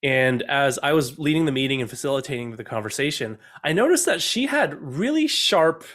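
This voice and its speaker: A man's voice: on the high side, very animated, brisk, a bit bright. Middle-aged male speaker, upbeat online talk, speaks straight to listeners. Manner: upbeat, addresses listeners directly with questions. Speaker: innovation speaker.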